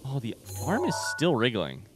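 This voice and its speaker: A man's voice: medium pitch, huge pitch swings, moderate pace, music in the background. A man hosting a casual let's-play video, chatting animatedly and talking back to the creatures in the game. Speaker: gaming video host.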